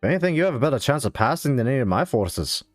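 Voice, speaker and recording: A man voicing a blunt, gruff middle-aged dwarven lord in a put-on Scottish accent for a tabletop game. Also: medium pitch, big pitch swings, racing, faint music behind, close to an everyday voice. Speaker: dungeon master. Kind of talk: tabletop role-play voice acting.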